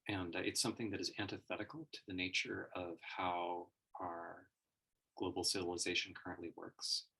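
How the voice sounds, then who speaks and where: A man's voice: deep voice, little pitch movement, moderate pace, vocal fry, pushed and bright, husky. A man giving a reflective livestream monologue as a personal growth teacher, searching for words and laughing often.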